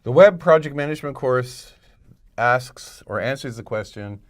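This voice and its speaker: A man's voice: mid-range voice, lively intonation, normal speed. A middle-aged male professor giving a recorded lecture in a conversational way, thinking aloud and checking in with "right?". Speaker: college professor.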